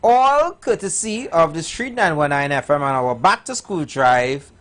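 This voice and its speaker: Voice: medium pitch, lively intonation, a little slow, fairly bright tone. A radio host with a Trinidadian accent, talking in playful, rambling live banter with many fillers and restarts.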